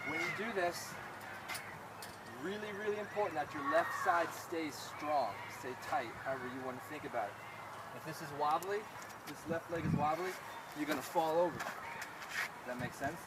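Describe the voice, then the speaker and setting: A man's voice: a little high, moderate pace. A man coaching a group in discus throwing outdoors, explaining each step patiently and often asking if it makes sense. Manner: patient, step-by-step, checks understanding. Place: outdoor athletic field. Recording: distant voice in loud outdoor noise.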